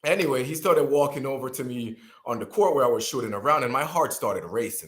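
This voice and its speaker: Man, thirties, from Jamaica, animated storyteller, mid-pitched voice, restarts often. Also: fairly quick. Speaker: guest speaker. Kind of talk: personal storytelling.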